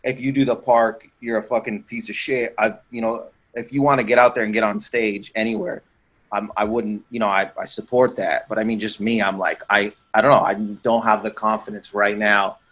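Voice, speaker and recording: A comedian in loose podcast banter who talks in halting restarts when he doubts himself. He snaps back with crude comebacks when teased. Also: fairly low pitch, flat delivery, a bit bright, rough recording. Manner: halting, self-doubting, quick profane comebacks. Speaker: comedian guest.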